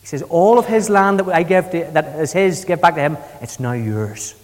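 Preacher telling bible stories casual-like, bit higher voice, echoey church. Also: male voice, moderate pace. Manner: conversational storytelling, paraphrasing scripture in everyday speech. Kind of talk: expository sermon.

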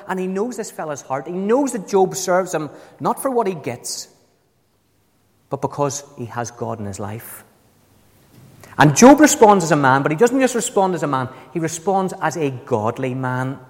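A man's voice: sing-song, moderate pace, darkish tone. Emphatic male preacher in echoey hall. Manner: emphatic, swings up to high ringing stresses. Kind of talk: sermon. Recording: echoey hall with long reverb.

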